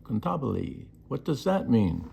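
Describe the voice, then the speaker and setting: A man's voice: mid-range voice, animated, unhurried, vocal fry, mellow, breathy edge. A man teaching music, explaining markings and singing out rhythms and counts. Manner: sings rhythms and counts beats aloud. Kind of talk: instructional explanation.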